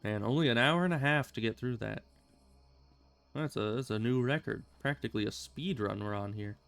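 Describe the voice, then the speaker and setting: Casual male game streamer, smooth clear voice, faint music underneath. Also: mid-range voice, normal speed, fairly bright tone. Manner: chatty, rambling, self-amused. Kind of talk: casual gameplay commentary.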